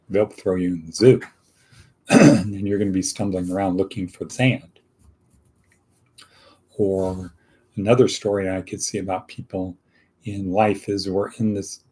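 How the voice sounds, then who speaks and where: A man hosting a casual motivational talk, slow and rambling, with quick asides. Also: fairly low pitch, darkish tone, slightly rough. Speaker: host.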